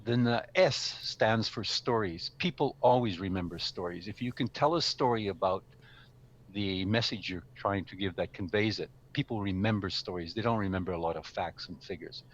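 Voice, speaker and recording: Presenter, man, low-ish pitch, measured and explanatory, casual online meeting. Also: highs cut off, slight background noise. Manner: measured, explanatory, some fillers. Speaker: speaking club member presenting. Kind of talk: informal talk explaining a model.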